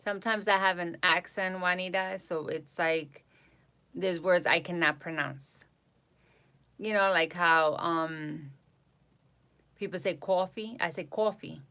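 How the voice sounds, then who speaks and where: A woman's voice: fairly low pitch, steady tone, slow pace, long pauses, pushed and bright, clear, resonant tone. A woman with a New York accent chatting casually with viewers on her live stream as a psychic host, repeating herself and reading names aloud.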